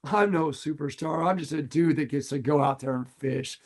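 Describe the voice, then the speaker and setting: A middle-aged man, a fishing guide, talking earnestly and warmly on a podcast, repeating phrases for emphasis. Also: fairly high pitch, moderate pace. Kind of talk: casual podcast talk.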